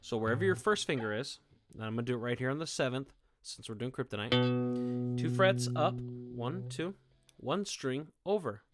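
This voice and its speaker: A man teaches guitar to his students indoors, playing as he talks in an animated, mid-range voice at normal speed. He's supportive throughout, often checking with "okay?" and "all right?"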